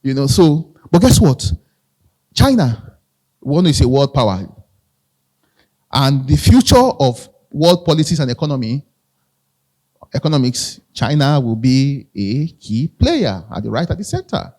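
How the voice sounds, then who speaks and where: A man's voice: medium pitch, very animated, unhurried, long pauses, a little mellow. A man with a Nigerian accent giving a live motivational talk, conversational, repeating phrases and asking the audience questions. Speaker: motivational speaker.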